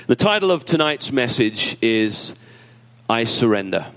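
A man's voice: expressive, measured pace, gravelly, pauses often, fairly bright tone. Tearful man preaching conversationally. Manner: emotional, conversational preaching with self-deprecating humor; rises in pitch and emphasis when reading scripture. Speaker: pastor. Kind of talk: sermon.

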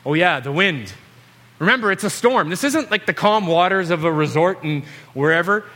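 A man preaching a sermon, retelling a story with jokes and lively, animated asides. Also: high voice, normal speed.

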